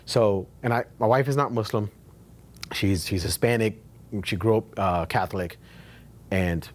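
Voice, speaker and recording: A man telling his own business story at a meetup in a casual, animated way, casually swearing and repeating himself for emphasis. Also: on the low side. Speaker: real estate agent sharing his story.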